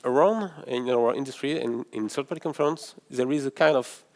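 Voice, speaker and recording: A middle-aged man from France with a French accent, giving a tech conference talk in a halting way and often restarting phrases. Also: medium pitch. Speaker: conference speaker, developer advocate. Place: in-person conference session room.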